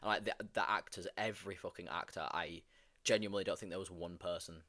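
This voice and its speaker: A young man speaks fast in a low-pitched voice during a casual stream chat. He's an animated, laughing storyteller, leaning on fillers while describing funny episodes from filming.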